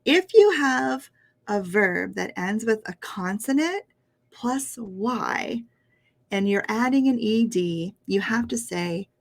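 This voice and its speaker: A woman teaching English pronunciation online, patient and upbeat, repeating words slowly for her learners to copy. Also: fairly high pitch, lively intonation, gravelly. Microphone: headphones while sharing screen.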